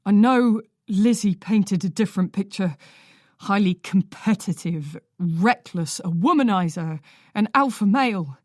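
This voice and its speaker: A woman narrating an audiobook in the first person, measured and anxious. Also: medium pitch, animated, a little mellow, no echo, studio quality.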